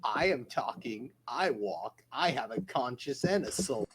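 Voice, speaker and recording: A man's voice: medium pitch, lively intonation, measured pace, slight background noise, lightly acted. A man voicing an undead knight who solemnly insists that he is alive. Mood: indignant.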